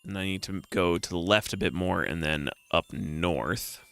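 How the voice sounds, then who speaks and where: A man's voice: deep voice, normal speed, gravelly, a bit bright, clear, resonant tone. A man streaming a retro video game, chatting casually, joking, and reading the on-screen text aloud. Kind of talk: casual let's-play commentary.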